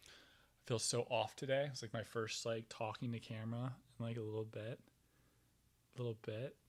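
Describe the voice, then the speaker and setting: A young man hosting his own show, talking casually to camera in a rambling, profane way that swings from loud outbursts to low mumbling. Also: level tone, brisk, dry recording. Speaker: podcast host. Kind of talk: casual solo talk to camera.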